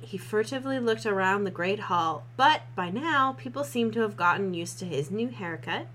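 A woman's voice: medium pitch, a bit bright, slight background noise, low-quality recording. A woman co-hosting a podcast, reading a fan fiction aloud and breaking off for sardonic, laughing asides. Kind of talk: casual chat and mocking read-aloud.

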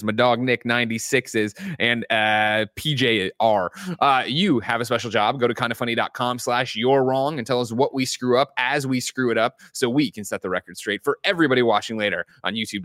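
Male podcast host, bright and crisp, dry sound, brisk and joking. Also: medium pitch, no echo. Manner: joking, fast and upbeat. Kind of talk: casual podcast chat and show intro.

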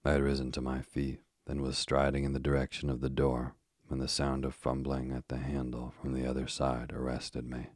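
A man narrating a story in the first person as an audiobook, reading in a measured, steady way. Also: extremely low pitch, no room sound, clean studio sound.

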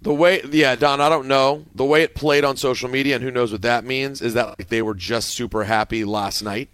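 A man hosting a sports talk radio show, animated and jokey as he steers the banter. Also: medium pitch, fairly quick, smooth, dry recording. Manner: animated, jokey, leads segments. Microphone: studio microphone.

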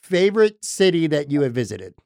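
Upstate ny guy hosting a podcast, kinda high voice, upbeat and chatty, dry close sound. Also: big pitch swings, darkish tone, no echo. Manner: upbeat, chatty, quick rapid-fire questions. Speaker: podcast host. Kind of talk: casual sports chat interview. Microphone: remote computer call.

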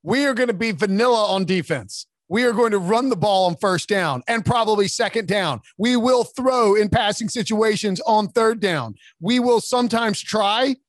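A man voicing a bland middle-aged football head coach who makes flat, formal statements in a raised voice. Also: sits high, normal speed, hardly any pauses, dry recording, pitched above the performer's own voice, natural voice. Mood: mock-serious.

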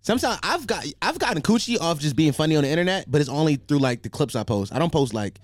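Lively teasing male podcast host. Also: a little high, fast, no room sound, clean studio sound. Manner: joking, teasing, admits to a stutter. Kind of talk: casual podcast banter. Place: Philadelphia.

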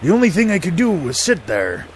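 A man's voice: on the high side, wildly swooping pitch, fairly quick, slight background noise. A man hosting a podcast in a comic pirate character, with a mock pirate accent, laughing at his own jokes.

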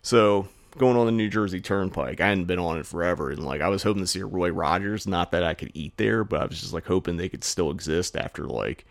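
A man's voice: deep voice, a little fast, creaky, few pauses, dry recording. A man co-hosting a podcast, telling a rambling, profane anecdote in a casual chat full of "like" fillers. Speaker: podcast co-host.

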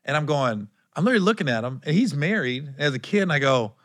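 A man telling stories in a casual chat, acting out quoted lines in high put-on voices. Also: expressive, fast, fairly bright tone, dry recording, studio quality.

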